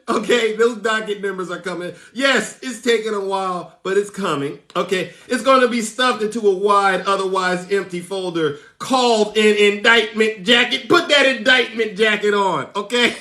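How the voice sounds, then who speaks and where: A man with a high, bright voice hosts a live stream and reads the news with showy, teasing flair. He laughs often and calls out to his viewers by name. His voice rings in an echoey room. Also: moderate pace. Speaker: livestream host. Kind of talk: live commentary reading news.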